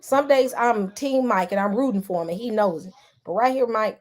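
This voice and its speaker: Emphatic, fairly high-voiced woman vlogger. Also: moderate pace, a little mellow. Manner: emphatic and repetitive, with frequent restarts; addresses the viewers directly. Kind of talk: casual commentary.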